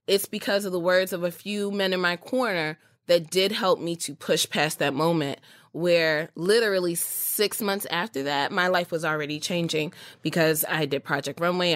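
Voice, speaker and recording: A woman's voice: lowish voice, no echo, clean studio sound. A woman hosting a podcast, chatting casually and speaking from the heart. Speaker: podcast host. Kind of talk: casual chat.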